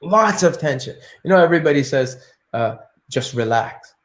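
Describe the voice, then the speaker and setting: A martial arts teacher telling a story in an interview, animated and acting out his inner thoughts. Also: on the high side, fairly quick. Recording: echoey room.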